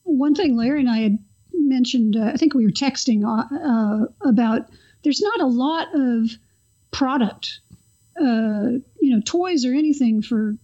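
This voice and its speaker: A woman's voice: high-pitched, measured pace, dark tone. A woman co-hosting a podcast, chatting casually about films in a rambling way with many fillers. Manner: rambling, lots of fillers and restarts. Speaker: podcast co-host. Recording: dull, lo-fi audio.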